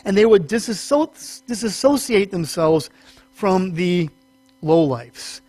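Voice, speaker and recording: A man's voice: animated, a little slow, dark tone, dry recording. A man preaching a teaching sermon in a conversational way, correcting himself as he goes and lifting his voice for emphasis. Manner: conversational, self-correcting, rises in pitch for emphasis. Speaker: pastor.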